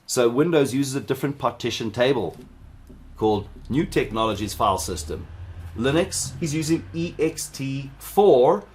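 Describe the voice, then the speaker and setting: A man's voice: medium pitch, animated, normal speed, a little mellow. Chatty man teaching a hands-on tech workshop. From South Africa. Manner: chatty, rambling, with asides to viewers. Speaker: cybersecurity instructor.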